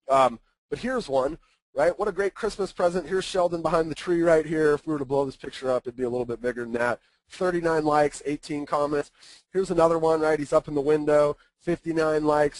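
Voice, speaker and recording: A man's voice: fairly high pitch, no room sound, poor audio. A man giving a casual webinar presentation, talking conversationally and often checking in with his listeners.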